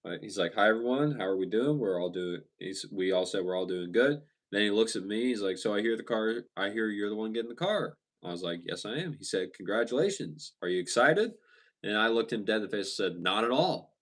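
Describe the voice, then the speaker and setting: A young man hosting a livestream, casually chatting with viewers and answering their comments in a relaxed way, often stumbling and restarting his sentences. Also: on the low side, brisk. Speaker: livestream host. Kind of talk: casual live chat reading viewer comments.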